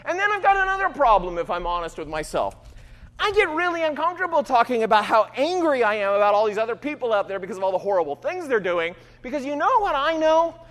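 A man's voice: extremely high pitch, very animated, quick pace, a bit bright, big-room sound. A man preaching a sermon as a pastor, in a conversational, self-deprecating way, often asking his listeners "right?". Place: church sanctuary.

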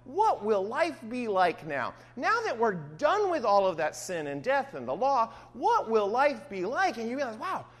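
A woman preaching a sermon, reading scripture aloud and acting out voices in an animated way. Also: a little high, moderate pace, few pauses, long reverb tail.

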